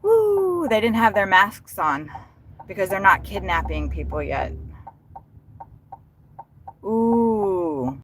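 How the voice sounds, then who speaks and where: Woman, lowish voice, rambling profane car-cam chat over road noise. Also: moderate pace. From Texas. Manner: chatty, profane, excitable. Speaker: rideshare delivery driver livestreaming. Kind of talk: casual driving livestream chat. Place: inside a moving car. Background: road and engine noise.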